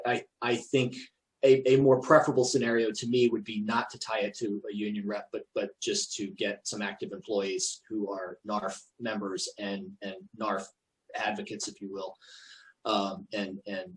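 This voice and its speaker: A man's voice: on the low side, little pitch movement, moderate pace, rough recording. A man presenting at an association meeting, answering questions in a conversational way with frequent restarts and fillers. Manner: hesitant, many restarts and fillers. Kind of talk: conversational Q&A on a call.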